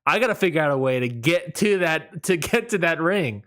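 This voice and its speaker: A man's voice: fairly high pitch, expressive, brisk, fairly bright tone. A young man co-hosting a podcast, telling a rambling story in casual chat and laughing often. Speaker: podcast co-host.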